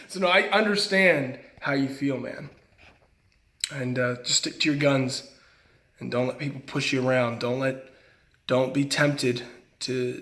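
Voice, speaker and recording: A man's voice: medium pitch, fairly bright tone, reverberant. A young man, an actor, talking casually to camera and giving a friend earnest, frank advice.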